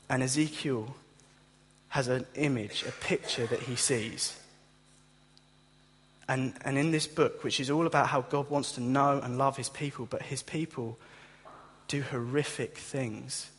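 Man preaching in a reverberant hall. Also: slightly rough. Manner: animated, acts out startled listeners in a higher voice. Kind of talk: sermon. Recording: echoey hall with long reverb.

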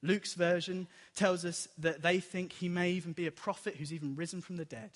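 A man preaching a sermon, telling the story in a lively way and acting out the dialogue. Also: high-pitched, fairly quick. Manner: animated storytelling, acts out dialogue. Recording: long hall reverb.

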